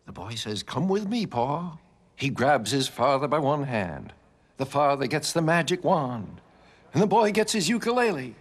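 A man telling a folk tale with animated delivery, sound effects and sudden shouts. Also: medium pitch, moderate pace. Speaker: storyteller. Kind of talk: folk storytelling with banjo. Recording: banjo music under the voice.

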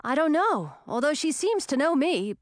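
A woman's voice: sits high, big pitch swings, moderate pace, no echo, clean studio sound, pitched above the performer's own voice. A woman reading aloud, voicing an earnest young male hero in an eager, raised voice. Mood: puzzled. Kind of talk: audiobook character voice.

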